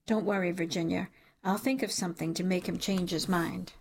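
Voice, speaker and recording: A woman's voice: fairly low pitch, steady tone, brisk, gravelly. A woman voicing an indignant, hissing housekeeper. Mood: comforting. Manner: urgent, indignant. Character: fierce, indignant middle-aged woman servant.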